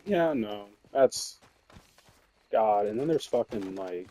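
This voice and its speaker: This young man streams games and rambles through work stories in a relaxed way, cursing, laughing often, and leaning on fillers. His voice sits on the low side and sounds warm and expressive, and he speaks slowly.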